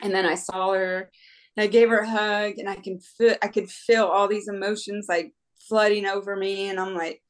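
A woman's voice: medium pitch, little pitch movement, moderate pace. Chatty woman telling a race story. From United States. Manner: chatty, laughs often, acts out her own inner voice; frequent fillers like "like" and "right?". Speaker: guest, ultra-runner. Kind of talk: casual storytelling.

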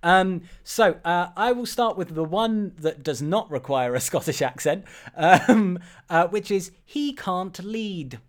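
A man hosting a casual film podcast, animated and stumbling over his words, swearing often. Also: sits high, measured pace, hardly any pauses. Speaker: podcast host.

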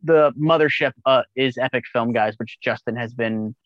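A man's voice: medium pitch, moderate pace, no room sound, highs cut off. Rambling, swearing man on a podcast. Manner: swears freely, rambling and enthusiastic. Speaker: podcast guest. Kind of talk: casual chat.

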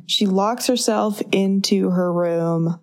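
Unhurried young woman retelling a plot. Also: medium pitch. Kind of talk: casual chat recapping a movie.

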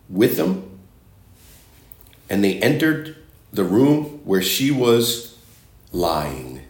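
Gravelly-voiced male preacher, echoey room. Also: lowish voice. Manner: emphatic, repeats phrases, quotes scripture. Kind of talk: sermon.

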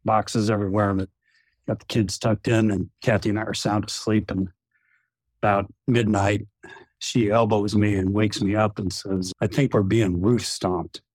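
A man, a retired general, telling a long anecdote with frequent chuckles in a relaxed podcast chat. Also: fairly low pitch, moderate pace, no room sound. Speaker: retired general, former wing commander.

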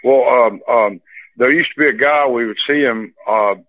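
A man's voice: mid-range voice, normal speed, no room sound. A man, a former wrestler telling rambling stories full of fillers and restarts. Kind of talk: storytelling in casual chat. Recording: tinny phone line.

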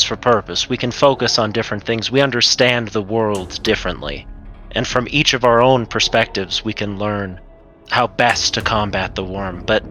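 A man's voice: lowish voice, bright, forceful tone. A man playing a tabletop role-playing game, speaking earnestly and reflectively in character. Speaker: player. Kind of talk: in-character role-play talk.

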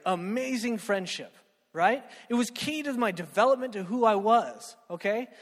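High-voiced joking young preacher in a hall. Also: male voice. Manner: animated, joking, keeps asking "right?". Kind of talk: sermon. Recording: long hall reverb.

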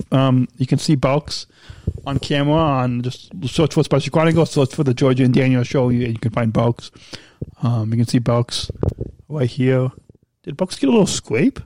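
A man co-hosting a podcast, playful and teasing, talking fast with lots of restarts. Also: a little high, dry recording. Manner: energetic, talkative. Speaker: podcast co-host. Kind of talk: casual chat and ad reads.

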